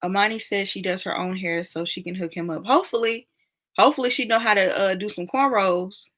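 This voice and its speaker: A woman's voice: mid-range voice, brisk, a bit bright. A young woman hosting a casual live stream, chatting and reacting to viewer comments with frequent laughter.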